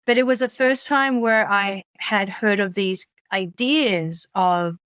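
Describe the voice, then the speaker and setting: A woman in her forties, a podcast guest speaking candidly in casual conversation, halting often with fillers and restarts. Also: mid-range voice, fairly bright tone, clean tone, dry recording. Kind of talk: casual conversation, personal storytelling.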